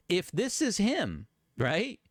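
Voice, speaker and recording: A man giving casual reaction commentary as a YouTube commentator, chatty and animated. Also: high voice, extremely slow, no room sound, clean studio sound. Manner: animated, chatty, breaking into laughs and voices.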